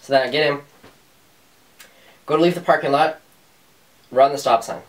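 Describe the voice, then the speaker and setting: A man's voice: a little high, moderate pace, distant mic. A young man co-hosting a podcast, telling a funny story in casual chat, laid-back and joking. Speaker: podcast co-host.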